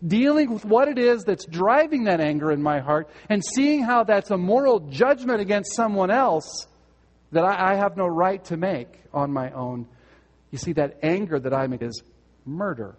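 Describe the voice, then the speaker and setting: Male pastor, earnest sermon delivery, questions the congregation, slightly high voice, reverberant hall. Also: animated, normal speed. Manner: earnest, direct questions to listeners, repeats words.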